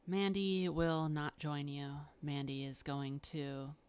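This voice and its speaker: A woman narrating a tabletop role-playing game as game master, in a relaxed, unhurried way. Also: low voice, smooth. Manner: relaxed, unhurried, frequent uh fillers.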